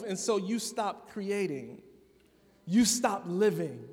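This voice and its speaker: A man from Chicago preaching a sermon in a church, talking conversationally to the congregation and building to loud, emphatic peaks. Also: sits high, very animated, slow. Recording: long reverb of a large hall.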